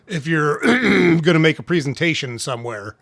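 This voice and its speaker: A man hosting a casual tips talk, speaking conversationally, often checking in with "right?" and clearing his throat now and then. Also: fairly high pitch, lively intonation, moderate pace, a bit bright, dry recording. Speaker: host.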